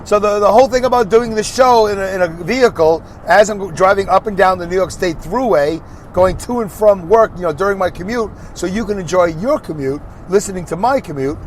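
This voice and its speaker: Man in his 60s, podcast host, casual rambling talk, recorded in a moving car, fairly high pitch, faint road noise behind. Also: brisk. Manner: rambling, joking, talks back to imagined critics. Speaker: podcast host and truck driver. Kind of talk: casual solo podcast while driving. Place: inside a car while driving.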